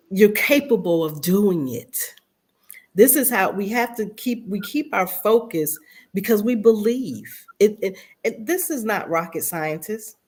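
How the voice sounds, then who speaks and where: A woman's voice: mid-range voice, a little mellow, slightly rough. A woman guest speaker giving earnest, motivational answers on a radio talk show, often repeating words as she speaks.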